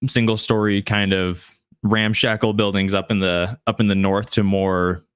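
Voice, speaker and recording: Male game master, lowish pitch, halting delivery, dry mic. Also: flat delivery, clear, resonant tone, no room sound. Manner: halting, many restarts and fillers. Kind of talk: narrating a tabletop game.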